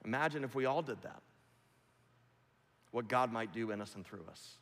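A man pastor delivering a sermon, emphatic and repetitive, swinging from loud to hushed. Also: mid-range voice, normal speed. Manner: emphatic, repetitive preaching with big swings in loudness. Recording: long hall reverb.

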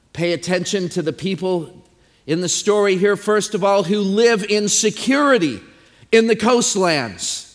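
High-pitched guy preaching, stretches words out, big echoey church sound. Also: a bit bright. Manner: emphatic, drawn-out preaching with repeated phrases. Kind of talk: sermon with scripture reading. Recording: long hall reverb.

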